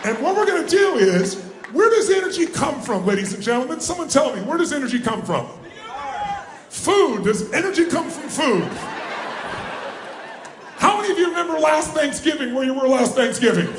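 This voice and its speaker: A man giving a live motivational seminar, energetic and firing questions at the audience so they call out answers. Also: extremely high pitch, normal speed, roomy sound, music in the background. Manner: energetic, calls out questions and prompts the crowd to answer. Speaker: motivational speaker. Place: large room with a live audience.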